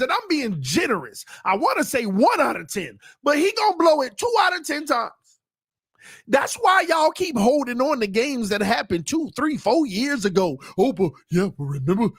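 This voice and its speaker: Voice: mid-range voice, fairly bright tone, no room sound, studio quality. A sports podcast host ranting heatedly to the live chat, making points emphatically and repeating them for emphasis. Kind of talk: livestream rant to the chat.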